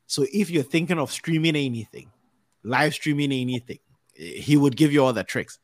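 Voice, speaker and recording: A man's voice: fairly high pitch, lively intonation, moderate pace, no room sound. A man hosting a podcast and signing off in a casual, upbeat, encouraging way, rambling a little and restarting his sentences. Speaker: podcast host.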